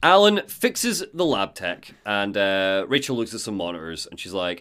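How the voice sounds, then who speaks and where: Animated man recapping a game. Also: on the low side, moderate pace, hardly any pauses, smooth. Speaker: podcast host recapping a game. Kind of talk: casual chat.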